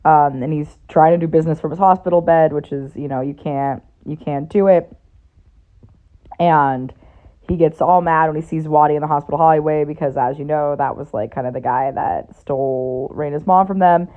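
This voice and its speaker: A woman's voice: low voice, fairly even intonation, normal speed, phone-quality sound. Chatty young woman recapping a show. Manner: chatty, many "like" fillers, wry asides. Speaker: TV series reviewer. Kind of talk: casual recap vlog.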